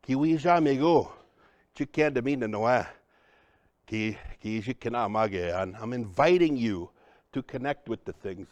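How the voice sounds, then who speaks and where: Baritone male presenter, live workshop, chatty and engaging with the crowd. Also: lively intonation, moderate pace, a little mellow. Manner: conversational, often checks in with the audience. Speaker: cultural trainer presenting to a group. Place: room with a live audience.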